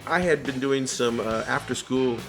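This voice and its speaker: Older man telling a story with gravelly voice. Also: mid-range voice, normal speed, over music. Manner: animated storyteller acting out quoted voices. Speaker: musician guest. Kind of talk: storytelling interview.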